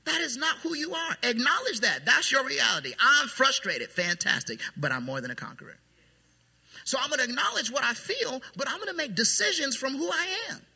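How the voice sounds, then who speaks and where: A man preaching a sermon as pastor, emphatic and then quietly intense. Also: very high voice, big pitch swings, brisk, vocal fry. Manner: emphatic preaching that drops to soft, hushed intensity. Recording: long hall reverb.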